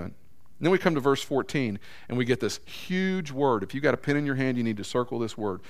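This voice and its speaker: A man's voice: mid-range voice, lively intonation, brisk. A man preaching a conversational sermon, acting out characters' thoughts and speaking directly to the congregation.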